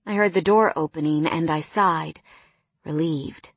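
A woman's voice: low voice, unhurried, breathy edge, no echo. A woman narrating a first-person novel in a wry, candid tone.

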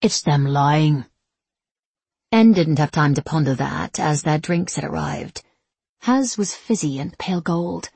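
Husky-voiced woman narrating a novel. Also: low-pitched, animated, moderate pace, a little mellow, dry recording. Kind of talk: audiobook narration.

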